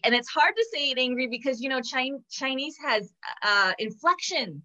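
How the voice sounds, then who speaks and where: A woman with a bright, lively edge to her voice and a fairly high pitch chats as a podcast host, full of quick asides. The sound is a little dull and lo-fi. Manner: chatty, enthusiastic, lots of quick asides. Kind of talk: casual chat. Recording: dull lo-fi audio.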